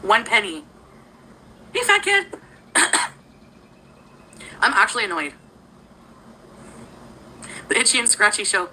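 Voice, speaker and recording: A woman's voice: medium pitch, very animated, slow pace, long pauses, sharp tone, a little hiss or hum, low-quality recording. A woman talking casually on a livestream, greeting viewers by name and giggling often.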